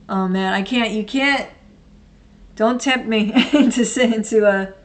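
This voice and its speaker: A woman's voice: fairly high pitch, takes it slowly. A woman in her thirties hosting a livestream, chatting casually and answering viewer comments in a rambling, blunt way with frequent laughter. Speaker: livestream host.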